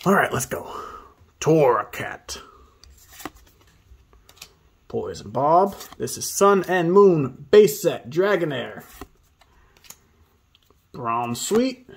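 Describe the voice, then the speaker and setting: A man hosting a casual pack-opening video, excitably reading card names aloud and hyping himself up. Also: a little high, very slow, vocal fry, pauses often, husky. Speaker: host opening card packs.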